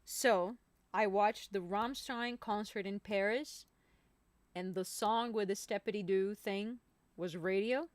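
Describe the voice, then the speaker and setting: A woman's voice: mid-range voice, slow, a little hiss or hum. A woman singer hosting a live stream, chatting casually and rambling to her viewers.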